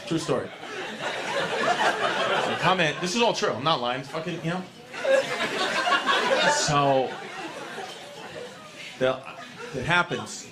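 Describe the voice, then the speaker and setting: A man from New doing a stand-up set, telling a profane story and shouting his punchlines. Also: medium pitch, noisy background. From New York. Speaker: stand-up comedian. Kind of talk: stand-up routine. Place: comedy club stage. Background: audience laughter.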